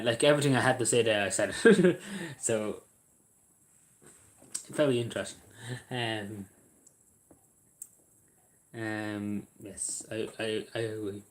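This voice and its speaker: A man chatting casually to his livestream viewers, rambling and hesitant with many fillers and restarts. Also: fairly low pitch. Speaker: livestream host. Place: at home in a squeaky chair.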